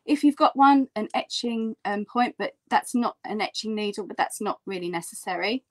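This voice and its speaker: A woman's voice: lively intonation, normal speed. A woman, a print artist, giving a friendly and explanatory online printmaking lesson. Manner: chatty and explanatory, with bright lifts in pitch. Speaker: print artist teaching a workshop. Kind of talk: friendly online craft tutorial.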